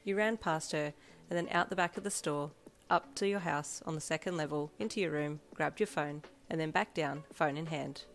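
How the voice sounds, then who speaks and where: Low-voiced woman narrating a story. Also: moderate pace. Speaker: fanfiction reader. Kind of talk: second-person story narration. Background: soft backing music.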